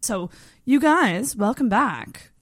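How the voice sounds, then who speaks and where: Woman, podcast host, animated pitch, bubbly and giggly, dry close mic. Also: slow pace, no echo. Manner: bubbly, giggly, lively intonation. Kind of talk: casual podcast chat. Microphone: studio mic.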